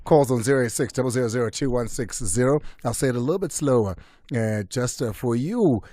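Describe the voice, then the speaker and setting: A man with a South African accent hosting a live radio sports show, energetic and switching between English and isiZulu. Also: medium pitch, brisk, no room sound, clean studio sound.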